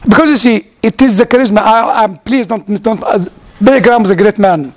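A man's voice: sits high, brisk. A man with a foreign accent answering questions from a church audience, telling anecdotes with repeated words and chuckles. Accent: foreign accent in English. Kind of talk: informal Q&A teaching.

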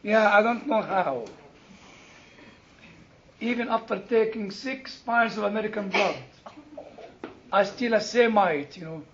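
High-voiced man preaching slowly. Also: slight background noise. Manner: animated, humorous storytelling with quoted exchanges. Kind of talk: sermon. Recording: dull lo-fi recording.

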